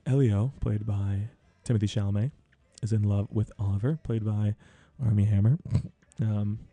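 A man giving a casual, earnest spoken film review, sharing personal feelings with soft laughs. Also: on the low side, fairly even intonation, normal speed, no room sound.

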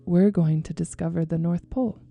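A woman's voice: on the low side, fairly even intonation, a little fast, vocal fry, dark tone, faint music behind. A woman voicing a confident, slightly bossy young boy with a breezy, know-it-all manner.

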